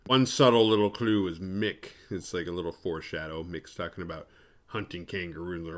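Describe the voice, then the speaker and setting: A man's voice: low-pitched, expressive, a little fast, fairly bright tone. A man hosting a horror movie podcast, recapping a film in a rambling, profane, sarcastic way.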